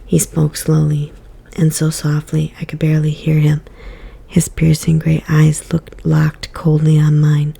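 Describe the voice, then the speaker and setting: A woman giving a soft, whispered ASMR book reading as storyteller. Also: deep voice, completely flat delivery, measured pace, creaky, husky.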